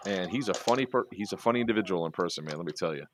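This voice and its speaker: A man's voice: low-pitched, lively intonation, rapid-fire, a little hiss or hum. A man hosting a casual online chat, telling rambling stories full of fillers and restarts. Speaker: podcast host.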